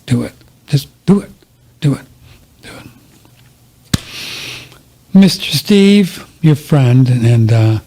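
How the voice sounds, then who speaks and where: A man hosting a radio talk show, agreeable and quick to laugh in casual chat. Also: medium pitch, dark tone, slightly rough. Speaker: radio host.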